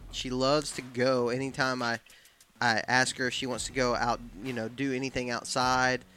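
Bright-voiced young man. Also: medium pitch, flat delivery, moderate pace, a little hiss or hum. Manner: easygoing, short agreeing replies. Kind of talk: casual chat.

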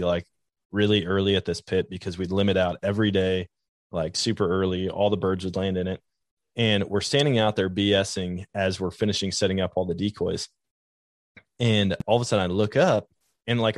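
A man's voice: low voice, no room sound. A man hosting a podcast, telling casual, rambling hunting anecdotes full of "like" fillers. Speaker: podcast host. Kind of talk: casual storytelling chat.

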